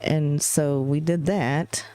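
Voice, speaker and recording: A middle-aged woman co-hosting a podcast, telling a story in casual chat and mimicking people with high, exaggerated voices. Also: fairly even intonation, slow, warm tone, clear, resonant tone, no room sound. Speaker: podcast co-host.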